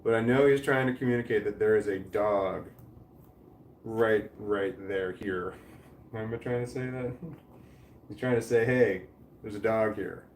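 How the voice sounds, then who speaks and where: A man's voice: fairly low pitch, moderate pace, long pauses, a little mellow. A middle-aged man chatting casually as he reads live chat comments, rambling, often restarting his sentences and swearing freely. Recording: echoey room with faint background noise.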